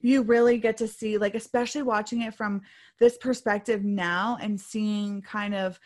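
An easygoing woman co-hosts a podcast in a loose, chatty way. Her talk is animated and quick to laugh, and it stays relaxed and conversational throughout. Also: medium pitch. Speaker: podcast co-host. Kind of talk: casual chat.

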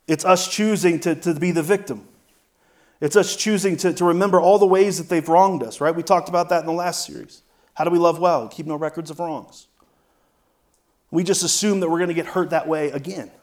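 A man's voice: a little high, brisk. Man preaching a conversational sermon. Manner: conversational, asks "right?" often, varies loudness for emphasis. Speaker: pastor.

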